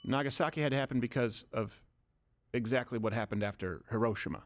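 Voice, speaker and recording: A man's voice: mid-range voice, fast. A man hosting a political talk show, arguing his points and cracking jokes with co-hosts. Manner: argumentative, joking, reads quotes aloud. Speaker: show host.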